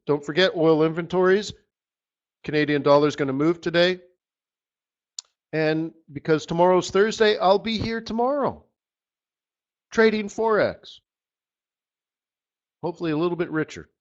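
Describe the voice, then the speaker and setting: A man leads a live trading strategy session with a fairly high voice. He talks in a rambling, animated pep-talk manner to his audience. The audio is dull and lo-fi, like a muffled web stream. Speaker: forex market strategist hosting a live session.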